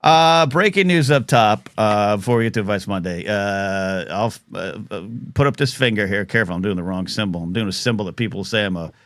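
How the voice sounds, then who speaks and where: A man's voice: lowish voice, fairly quick, hardly any pauses, fairly bright tone, no room sound, studio quality. A man in his fifties hosting a live talk show, rambling and jokey with bursts of mock outrage. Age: 50s.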